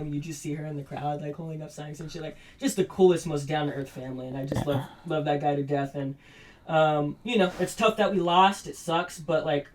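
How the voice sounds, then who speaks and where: A man rambling in casual podcast chat about the team he loves, full of swearing and fan excitement. He sits away from the mic, so he sounds distant. The audio is flawed. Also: on the high side. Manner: excited, profane esports fan talk. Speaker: podcast co-host.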